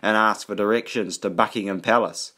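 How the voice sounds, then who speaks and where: A man's voice: fairly low pitch, fairly even intonation, brisk, pushed and bright. A man reading a surly, curt boatman. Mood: sarcastic. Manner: curt, sarcastic. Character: surly grown man on a boat.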